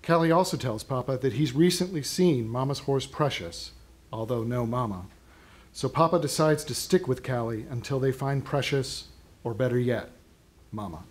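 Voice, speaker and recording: A man's voice: medium pitch, normal speed. A man introducing a reading at an event, summarizing the story in plain narration. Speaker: event presenter.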